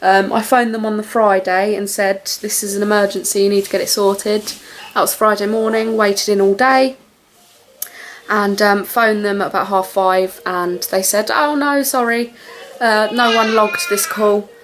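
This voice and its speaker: A woman's voice: medium pitch, little pitch movement, normal speed, slight background noise. A young woman chatting casually to camera at home, rambling with lots of fillers. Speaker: vlogger.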